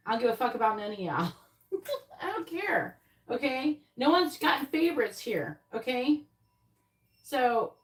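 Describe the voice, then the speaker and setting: A woman's voice: a little high, distant mic. A woman hosting a tarot live stream, bluntly scolding a viewer in chat with plenty of swearing. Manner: exasperated, scolding, blunt and profane. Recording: roomy echo, off mic.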